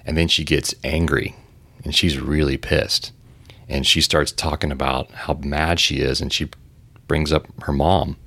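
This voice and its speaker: A man with an extremely deep voice and a gravelly edge talks in a relaxed podcast chat. He rambles through his story with plenty of fillers and restarts. The sound is dry and close, with no room around it. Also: no echo. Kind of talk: casual podcast conversation.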